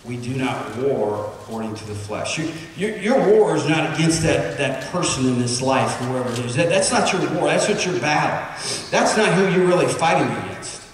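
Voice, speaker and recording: A man preaching a sermon as pastor, telling stories in an animated way, with repeated words and spoken sound effects. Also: mid-range voice, a little hiss or hum. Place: church sanctuary. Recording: echoey hall from far off.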